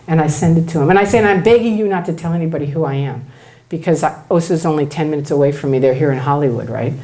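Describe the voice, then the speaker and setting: A woman's voice: low voice, quick pace, mellow. A middle-aged woman telling a personal story to an audience at a talk, animatedly acting out the dialogue she quotes. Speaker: speaker at a talk. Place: event room before an audience.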